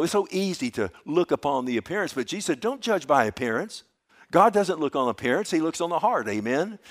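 A pastor with a slightly high voice preaches in an earnest, conversational way, often asking "Amen?" and calling listeners "loved one." He swings between loud, emphatic bursts and soft asides.

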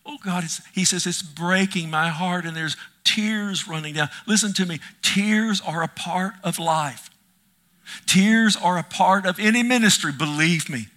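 A middle-aged male preacher delivering an impassioned sermon, swinging from loud cries to hushed near-whispers. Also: sits high, unhurried.

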